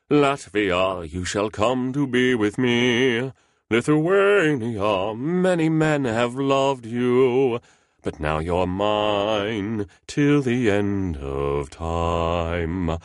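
Man playing a crooning rebel leader, stretched-out notes, slightly higher, dry sound. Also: animated, no echo. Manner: slow, drawn-out crooning. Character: male revolution leader crooning a love ballad.

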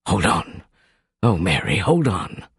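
A man's voice: sits low, very animated, takes it slowly, husky, dry recording, clean studio sound, voice pushed down, exaggerated voice. A man voicing a desperate young husband who pleads earnestly and comforts his wife. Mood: comforting.

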